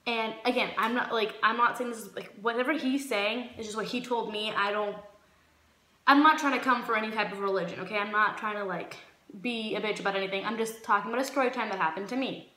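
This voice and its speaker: A young woman in her twenties telling a casual story-time vlog, animated and acting out the quotes. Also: mid-range voice, quick pace. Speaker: vlogger. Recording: echoey room with faint music.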